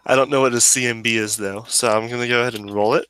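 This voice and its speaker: Bright-voiced man running a tabletop game. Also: medium pitch, fairly even intonation, fast, clear, resonant tone, poor audio. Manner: casual, joking, narrates monster attacks. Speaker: game master.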